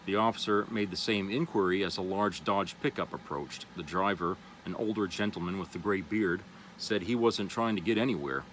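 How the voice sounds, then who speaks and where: A man's voice: low voice, normal speed, a bit bright, slight background noise, rough recording. A man vlogger reads an article aloud, then comments casually and loosely, with many fillers. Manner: loose and rambling, with many "you know" fillers.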